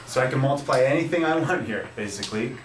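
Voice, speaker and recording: A man's voice: medium pitch, expressive, quick pace, noisy background. A man teaching a math class, playful and upbeat, quizzing his students. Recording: echoey classroom, mic at a distance. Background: students answering.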